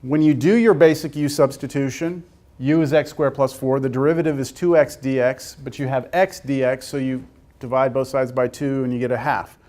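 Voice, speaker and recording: A man's voice: mid-range voice, fairly even intonation, normal speed, a little mellow. A man teaching a calculus class, talking casually and joking as he works through problems aloud. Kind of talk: classroom lecture.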